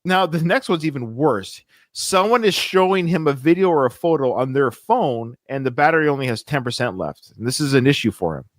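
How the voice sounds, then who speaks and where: A man co-hosting a podcast, talking in a sarcastic, animated way and laughing often. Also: medium pitch, brisk, dry recording, clean studio sound. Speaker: podcast co-host. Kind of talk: casual podcast chat.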